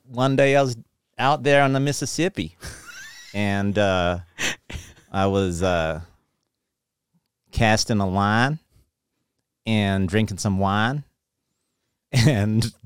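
A man's voice: fairly low pitch, fairly even intonation, extremely slow, pauses often, clean tone, no room sound, clean studio sound. A man putting on a Southern drawl. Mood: playful. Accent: put-on American Southern. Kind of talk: podcast bit.

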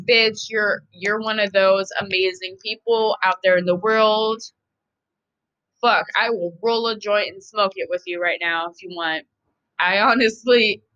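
A woman's voice: mid-range voice, sharp tone, dull audio. A woman hosting a podcast, talking in a casual, profane, emphatic and rambling monologue. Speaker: podcast host.

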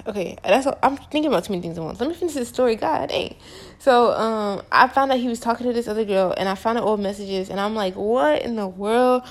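A young woman telling a personal story to the camera in a casual, slangy, emphatic way. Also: medium pitch. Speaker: vlogger.

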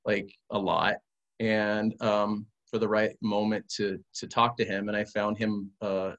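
A man with a lowish voice speaks as a podcast guest, recounting a personal story in a relaxed, conversational way. He brings the story alive by acting out dialogue, and he stays earnest throughout. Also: measured pace, lo-fi sound. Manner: earnest, animated retelling with quoted dialogue. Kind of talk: casual storytelling in an interview.

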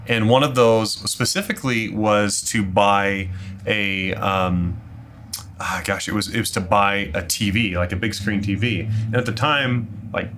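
A man's voice: on the low side, a bit bright, a little hiss or hum. A man hosting a casual podcast in a room by a street, telling a rambling story with many fillers. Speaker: podcast host. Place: room next to a street window, car noise.

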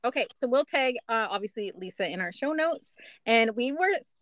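A woman's voice: a little high, animated, brisk, no room sound. A woman co-hosting a podcast, asking the guest questions and wrapping up the episode with thanks. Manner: warm wrap-up, thanking the guest. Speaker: podcast co-host. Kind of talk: casual podcast chat.

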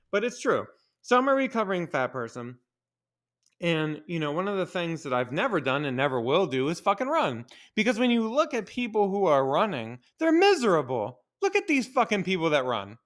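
His voice is a little high and a bit bright, with big pitch swings at a moderate pace. He's a young Maryland podcast host going solo, airing opinions while cursing often and laughing.

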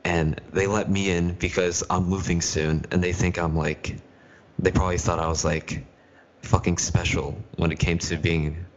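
A man's voice: sits low, flat delivery, normal speed, highs cut off, a little hiss or hum. A teenage boy hosting a podcast, telling stories in casual chat and swearing freely. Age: teens. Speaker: podcast host.

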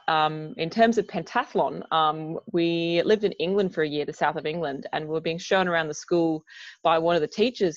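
A woman's voice: deep voice, no echo, highs cut off. A woman in her twenties with an Australian accent, chatting casually as a guest, self-deprecating and laughing often. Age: 20s. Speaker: guest athlete. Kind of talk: casual interview chat.

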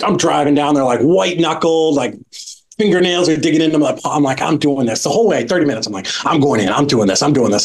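Lively storytelling man, mid-pitched. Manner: lively anecdotal telling with frequent "like" and "right?". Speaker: podcast guest. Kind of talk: casual storytelling.

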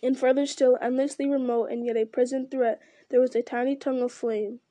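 Read-aloud narrator, female, steady and earnest, slightly higher voice. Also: brisk, no room sound. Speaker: reader.

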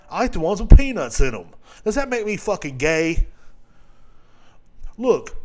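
A man hosting a solo podcast, ranting casually and profanely, swinging between low mutters and loud outbursts. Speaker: podcast host.

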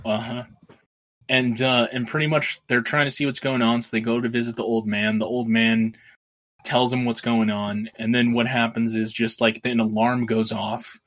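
Podcast co-host, male, loose rambling plot recap, salty language, mid-range pitch. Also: fairly bright tone. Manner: rambling, swears freely, laughs while retelling. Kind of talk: casual film recap.

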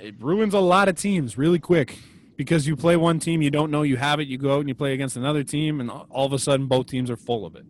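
A man's voice: on the high side, fast talker. A man co-hosting a podcast, chatting casually about sports in a blunt, exasperated way. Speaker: podcast co-host.

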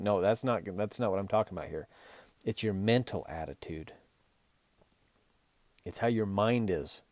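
A man's voice: on the low side, moderate pace, pauses often, darkish tone, no room sound. A man hosting a podcast, coaching riders in an earnest talk with many restarts. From Utah. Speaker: podcast host and horse and mule trainer.

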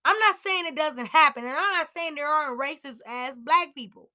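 A young woman hosting a podcast, ranting in anger, yelling and swearing. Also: high voice, moderate pace. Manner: yelling, heated, profane. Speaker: podcast host. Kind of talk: angry personal rant.

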